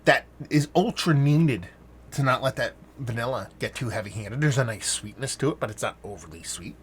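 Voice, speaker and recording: A man's voice: mid-range voice, lively intonation, moderate pace, a little hiss or hum. A man talking casually into a standalone mic, reviewing a beer in a rambling way, stopping and restarting his sentences and swearing now and then.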